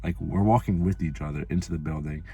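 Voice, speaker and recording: Low-voiced man rambling with lots of swearing. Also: fast talker, vocal fry, dark tone, slightly rough. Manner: rambling, profane, lots of "like" fillers. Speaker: vlogger. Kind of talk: casual storytelling vlog.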